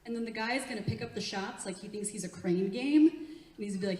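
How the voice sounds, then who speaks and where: A woman's voice: medium pitch, brisk, darkish tone. A young woman doing a live stand-up set, chatty, laughing often and working the crowd from a theatre stage. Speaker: stand-up comedian. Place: theatre stage before an audience. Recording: echoey room, heard from a distance.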